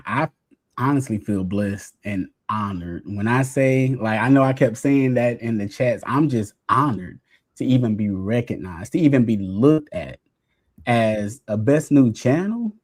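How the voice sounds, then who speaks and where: A man's voice: medium pitch, animated, unhurried, darkish tone. A man as a guest on a casual interview, talking in an earnest, heartfelt way, a bit emotional. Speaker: guest content creator.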